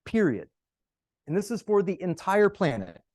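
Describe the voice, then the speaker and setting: Animated male conference presenter, lively pitch. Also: normal speed, no echo. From United States. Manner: animated, conversational, frequent "right?" and "okay?" asides. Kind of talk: conference talk with storytelling.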